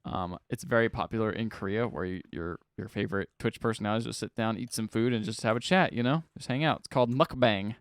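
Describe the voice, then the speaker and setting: A man's voice: on the low side, fast, hardly any pauses, clear, resonant tone, dry recording. Man casually rambling through gaming news. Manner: rambling, reads news items with filler words. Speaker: podcast host. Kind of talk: casual podcast chat.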